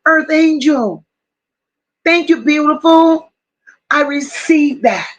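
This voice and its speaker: A woman hosting a casual livestream, slowly greeting viewers by name and reading their comments aloud. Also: high voice, highs cut off. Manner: warm drawn-out greetings with endearments. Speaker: livestream host.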